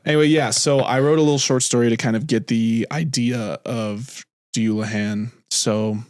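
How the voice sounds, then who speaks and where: A man's voice: mid-range voice, steady tone, normal speed, a little mellow, no room sound, studio quality. A man hosting a podcast, chatting casually and laughing easily, then reading his own short story aloud. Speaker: podcast host.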